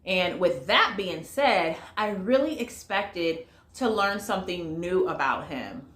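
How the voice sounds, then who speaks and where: A woman's voice: fairly low pitch, lively intonation, takes it slowly, fairly bright tone, echoey room. A woman giving a casual vlog movie review, chatty and full of fillers, talking straight to her viewers. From United States. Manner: chatty, lots of fillers, addresses viewers as y'all.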